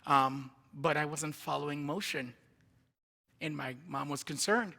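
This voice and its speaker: A man from Jamaica preaches a testimony sermon, telling his story in a chatty way with asides to the listeners. His voice sits high and sounds bright. A long reverb from the church sanctuary follows every phrase. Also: measured pace, creaky. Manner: conversational storytelling with asides to the audience.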